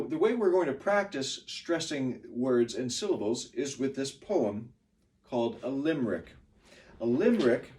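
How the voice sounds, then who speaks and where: Lively man teaching, heard from a distance. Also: medium pitch. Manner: patient, lively, stresses words in an exaggerated way. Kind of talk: classroom pronunciation lesson.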